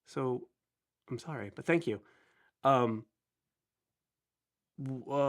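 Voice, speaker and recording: A man's voice: mid-range voice, animated, normal speed, pauses often. Chatty man hosting a live stream. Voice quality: nasal. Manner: chatty, rambling, self-deprecating. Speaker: livestream host. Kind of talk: casual live-stream chat.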